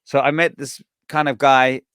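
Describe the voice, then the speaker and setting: A man's voice: medium pitch, normal speed, smooth, dry recording. Guy telling a wild story on his podcast, cursing a lot, acting out the quotes, totally dry close sound. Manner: animated, swearing, acts out quoted voices. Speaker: podcast host. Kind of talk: casual storytelling.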